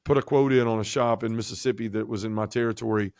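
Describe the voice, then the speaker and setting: Fast-talking gravelly man. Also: fairly low pitch, steady tone, a little mellow, no room sound, clean studio sound. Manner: vivid storyteller, acts out quoted speech. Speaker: guest sharing his testimony. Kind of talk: personal faith testimony storytelling.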